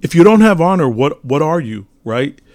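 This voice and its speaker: A man's voice: a little high, very animated, moderate pace, a little mellow. A man giving a casual, rambling monologue on spiritual teachings, telling a parable with many fillers and restarts.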